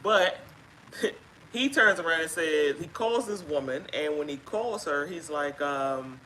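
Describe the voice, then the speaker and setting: A woman casually telling a personal story on a live stream, chatty and halting with fillers, acting out what others said. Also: sits low, lively intonation, sharp tone, a little hiss or hum, poor audio. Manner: chatty, halting with fillers, acts out quoted speech. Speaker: guest sharing her story.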